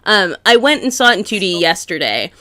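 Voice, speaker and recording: A woman's voice: mid-range voice, sing-song, a little fast, sharp tone, dry recording. A woman from Massachusetts co-hosting a podcast in casual, chatty talk, often breaking into giggles. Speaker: podcast co-host. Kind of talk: casual chat.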